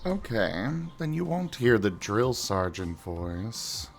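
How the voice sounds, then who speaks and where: A man's voice: on the low side, sing-song, slow pace, soft background music. A man hosting a casual gaming stream, bantering playfully and teasing his friends. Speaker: streamer host.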